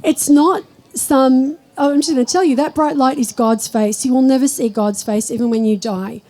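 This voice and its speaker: Aussie woman giving a spiritual talk, high mellow voice, chatty stories. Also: fairly even intonation, moderate pace, poor audio. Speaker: spiritual teacher. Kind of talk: live talk to an audience.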